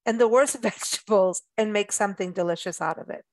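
A woman's voice: mid-range voice, fast, no echo. A woman from Africa, hosting a travel radio show in casual chat, chatty and playful with frequent laughs. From South Africa.

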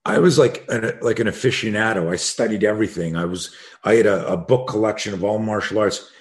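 A self-defense coach, a man, telling a story as a podcast guest, frank and animated, acting out the dialogue as he goes. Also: fairly low pitch, brisk. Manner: animated, re-enacts dialogue in vivid bursts; frank and profane.

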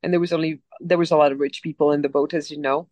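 An actress in her forties with a light French accent tells her story as a guest in a casual interview. Her low voice is fast and dry with no echo, and she's animated and rambling, restarting often.

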